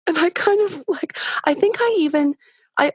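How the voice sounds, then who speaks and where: A middle-aged woman guest telling her story candidly, with many halting restarts. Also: very high voice, no echo, studio quality. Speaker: podcast guest. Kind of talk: personal storytelling.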